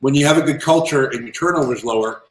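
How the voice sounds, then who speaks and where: A man telling lively business anecdotes as an interview guest, in a casual, animated manner. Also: mid-range voice, fast talker. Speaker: guest, entrepreneur and author. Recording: roomy echo.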